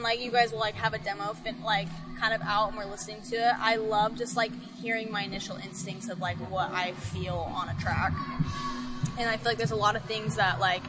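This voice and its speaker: A woman guitarist in a band, talking excitedly and rambling in a casual festival interview. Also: mid-range voice, rough recording. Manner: excited, rambling, filler-heavy. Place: outdoor music festival. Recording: music playing clearly in the background.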